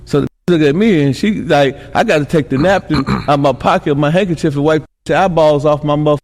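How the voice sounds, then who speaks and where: A middle-aged man from Milwaukee, a guest on a podcast, spins rambling stories in a casual interview, constantly adding "you know what I'm saying." His voice is a little high and a little mellow, he talks fast, and a long reverb tail follows his words.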